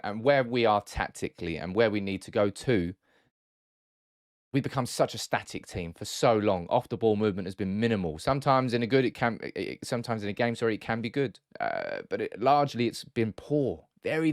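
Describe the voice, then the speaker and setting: A man's voice: fairly low pitch, sing-song, a little fast, no room sound, studio quality. Chatty man breaking down football tactics. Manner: chatty, self-correcting, hesitant restarts. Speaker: football analysis host.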